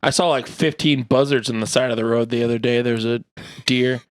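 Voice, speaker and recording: A man co-hosting a casual podcast, tossing in short deadpan quips. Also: mid-range voice, fairly quick, dry recording. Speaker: podcast co-host. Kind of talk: casual chat.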